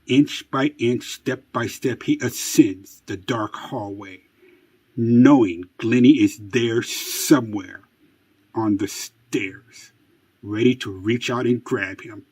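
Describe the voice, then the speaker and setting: A man spins a family tale as spooky mock-suspense narration, taking his time over every word. His voice is slightly husky and sits at an everyday middle pitch. He slips in wry, self-mocking asides between the dramatic lines. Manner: dramatic, slow and hushed, building to excited outbursts. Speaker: storyteller.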